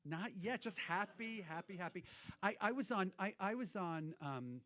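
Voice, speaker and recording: A man's voice: sits high, animated, normal speed, a bit bright. A man hosting a cabaret show, talking to the audience in rambling, irreverent stage banter, swearing freely. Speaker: cabaret host and performer. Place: hotel cabaret room.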